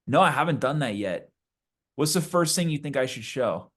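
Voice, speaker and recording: A man's voice: medium pitch, expressive, moderate pace, a bit bright. A young man chatting casually, laid-back and easygoing, with slangy speech. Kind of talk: casual chat.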